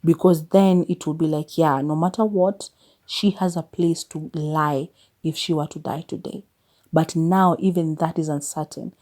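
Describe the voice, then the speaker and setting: A Kenyan podcast host in her thirties reflects on her life in a monologue, her slightly low voice warm and soft rather than bright. She talks candidly, a little slowly and with fairly even intonation, mixing English with Swahili phrases and occasionally pressing her point in exasperation.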